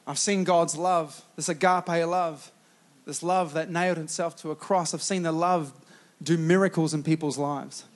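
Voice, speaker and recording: Fervent New Zealand pastor, high voice. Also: male voice, steady tone, normal speed. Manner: fervent, chuckling often, rallying with "come on". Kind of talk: sermon.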